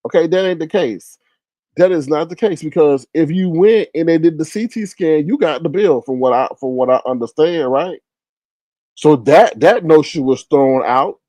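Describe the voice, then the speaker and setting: A middle-aged man commentating on a livestream, telling a story with expressive, acted-out quotes. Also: a little high, moderate pace, no room sound, rough recording.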